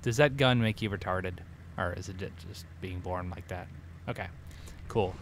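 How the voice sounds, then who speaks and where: A man giving goofy, excitable let's play commentary, trash-talking the game as he plays. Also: low-pitched, moderate pace. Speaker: gaming host. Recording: noisy game-audio mix. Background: game sound effects and vehicles.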